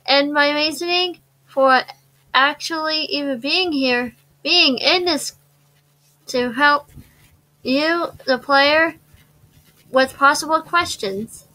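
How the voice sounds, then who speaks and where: A woman's voice: high-pitched, slow pace, pauses often, sharp tone, exaggerated voice, low-quality recording. A woman reading the lines of a helpful game guide in a plain, slightly hesitant way.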